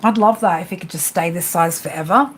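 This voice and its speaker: A woman's voice: lowish voice, a little fast. A woman doing casual live-stream tarot readings, chatty and laughing, swearing freely as she talks to her viewers.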